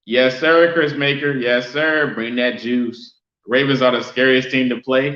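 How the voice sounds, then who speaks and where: A man hosting a casual sports fan live stream, chatting loosely and giving viewers shout-outs. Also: medium pitch, fairly even intonation, unhurried, few pauses. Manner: casual, reads and answers chat shout-outs. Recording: roomy, dull lo-fi sound.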